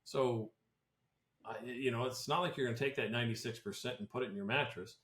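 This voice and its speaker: A man's voice: mid-range voice, fairly quick, fairly bright tone. A man who advises on tax planning talks on a podcast in a casual, blunt and opinionated way, often restarting his sentences. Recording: roomy echo.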